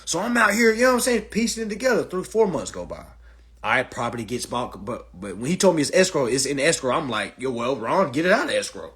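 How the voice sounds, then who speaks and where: A man's voice: on the high side, sing-song, fast talker, a bit bright, husky. A man telling a long profane story to an online audience, emphatic and repetitive, often saying "all right" and "y'all". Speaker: storyteller addressing a live audience.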